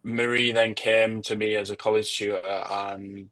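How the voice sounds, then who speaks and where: A man's voice: on the low side, level tone, measured pace, fairly bright tone, poor audio. A young man, a hairdresser on a panel, earnestly telling a personal story. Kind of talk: panel discussion.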